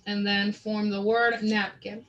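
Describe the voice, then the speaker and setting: Woman slowly modeling words for teachers. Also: mid-range voice, flat delivery, a bit bright, highs cut off. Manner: slow, deliberate word modeling; explanatory teacher talk. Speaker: literacy trainer. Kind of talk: instructional demonstration.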